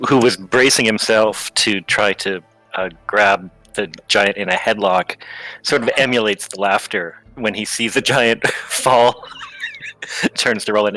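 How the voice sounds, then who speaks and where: Slow-talking man player with a bright, dry voice, giggly and jokey. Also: fairly low pitch, dry recording, low-quality recording. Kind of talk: playing a tabletop game.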